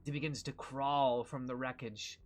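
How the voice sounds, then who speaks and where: A man's voice: medium pitch, steady tone, normal speed. A man narrating as game master of a tabletop game, describing scenes in a meandering way with many fillers.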